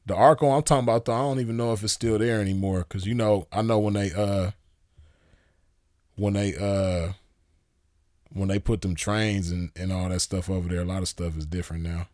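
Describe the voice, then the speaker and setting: This show host, a man in his forties, speaks fairly quickly in a low, steady, slightly mellow voice. He's laid-back and slangy, rambling through stories for his viewers and laughing easily. There's no room sound, just a clean studio recording.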